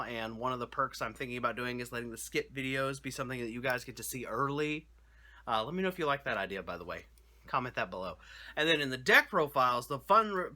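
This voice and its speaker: A man's voice: mid-range voice, bright, forceful tone. A young adult man hosting his own channel, talking casually to his viewers in a rambling, jokey way with lots of restarts and "you know". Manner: rambling, self-correcting, chatty with frequent "you know". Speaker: YouTube channel host. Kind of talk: casual talk to camera.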